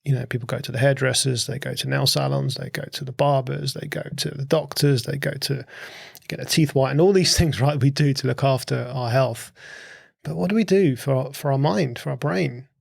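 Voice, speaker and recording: A man talks on a podcast in a gravelly, creaky voice and works through his points with rhetorical questions. He often repeats words as he thinks. The sound is dry and close, with no room echo. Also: medium pitch, a little fast, a little mellow. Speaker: podcast guest, host's husband. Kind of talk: casual conversational explaining.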